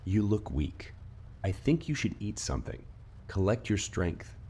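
A man voicing a calm, quietly sinister young woman in a spoken horror story, talking softly and evenly. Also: on the low side, unhurried, creaky, slight background noise, heavily acted.

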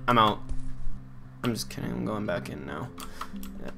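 A man's voice: fairly low pitch, animated, moderate pace, creaky, sharp tone. A man giving joking, playful commentary while playing a video game. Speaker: gamer. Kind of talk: let's play commentary. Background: game music.

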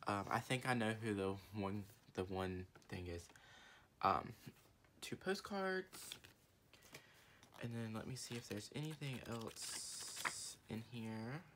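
A woman's voice: takes it slowly, noisy background. A young woman chatting her way through an unboxing haul vlog, rambling with fillers and restarts and gushing like an eager fan. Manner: gushing fan, swings from low murmuring to excited squeals. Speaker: vlogger.

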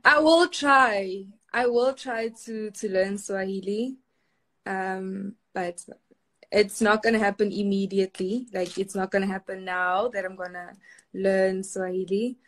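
A woman's voice: mid-range voice, fairly even intonation, unhurried, a bit bright. A young woman from Kenya chatting casually on a live stream, reading viewers' comments aloud and laughing often.

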